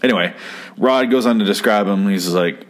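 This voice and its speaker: Lower-voiced man, sarcastic rambling podcast host, swears a lot, does the characters' lines himself. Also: normal speed. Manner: sarcastic, rambling, swears freely, acts out quotes. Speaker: podcast host reviewing an old TV episode. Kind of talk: casual profane commentary.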